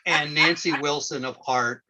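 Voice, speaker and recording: A male stand-up comedian telling a story in a dry, deadpan way. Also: a little high, a little slow, background noise.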